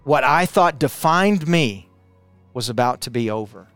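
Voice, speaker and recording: A middle-aged man from Arkansas telling a personal testimony to a camera, building intensity through repetition and dropping quiet for emphasis. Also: mid-range voice, expressive, a little slow, no room sound, faint music behind. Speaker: speaker sharing a personal testimony. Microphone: camera, speaking to it.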